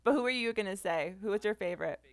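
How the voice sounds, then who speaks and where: A woman's voice: mid-range voice, fast talker, dry recording. Woman from around boston, chatty podcast guest, laughs a lot, says like constantly, dry close mic. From Boston area, USA. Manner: animated, laughs often, many "like" fillers. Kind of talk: casual film podcast chat.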